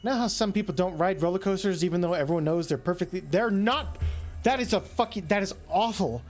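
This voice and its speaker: Streamer reading a visual novel out loud, laid back, cusses a lot, lively pitch, faint game music under it. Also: fairly quick. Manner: casual, swears freely, yawns between lines.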